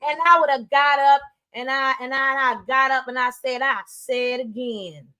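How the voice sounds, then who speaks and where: A woman's voice: high-pitched, little pitch movement, fairly quick, pushed and bright, smooth. A woman doing casual live-stream commentary, talking emphatically, repeating phrases and slipping into preachy asides. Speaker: livestream commentator. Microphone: streaming setup.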